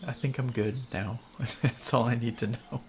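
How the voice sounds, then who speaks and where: A man's voice: mid-range voice, steady tone, normal speed, a little mellow, slight background noise. A man casually chatting and laughing as he streams a game, rambling between thoughts. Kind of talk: casual gameplay commentary.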